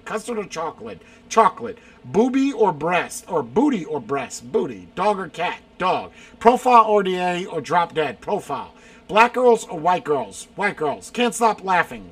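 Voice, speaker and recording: A man quickly answering rapid-fire either-or questions in a casual chat, swearing freely and now and then shouting or laughing. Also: sits high. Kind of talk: casual chat, lightning round.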